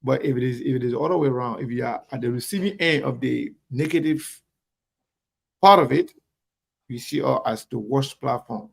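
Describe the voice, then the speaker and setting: A man greets viewers by name while hosting an online talk show, speaking emphatically and directly to them in live shout-outs and commentary. His mid-range voice is gravelly and husky, and he keeps a moderate pace.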